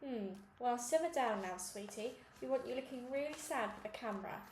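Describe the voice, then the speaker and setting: A woman's voice: on the high side, animated, brisk, a little mellow, echoey room, a little hiss or hum, close to an everyday voice. A woman reading aloud, voicing a pushy, dismissive male TV director who calls children sweetie. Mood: brisk.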